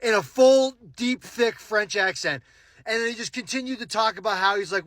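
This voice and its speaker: A man's voice: high voice, normal speed, a bit bright, dry recording. An American man giving casual reaction commentary, gushing with enthusiasm and swearing casually. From United States. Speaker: social media commentator.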